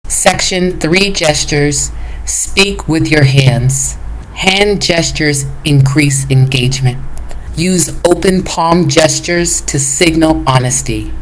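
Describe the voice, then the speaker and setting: A woman narrating a self-improvement lesson in a measured, list-like reading. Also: low-pitched, poor audio. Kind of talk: scripted narration.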